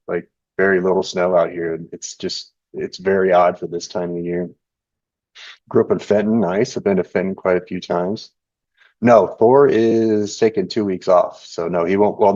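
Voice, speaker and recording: A man's voice: low voice, no echo. A young man hosting a live trading stream from home, chatting casually and rambling as he reads the chat and looks over charts. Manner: relaxed and rambling, reading chat and charts aloud. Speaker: live trading show host. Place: home indoors. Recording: dull, dry lo-fi stream audio.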